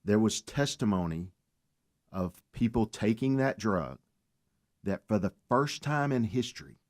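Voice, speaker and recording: A man with a fairly low voice tells his story on a talk radio show. He speaks earnestly, with faith woven into what he says. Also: expressive, unhurried, a little mellow. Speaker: guest.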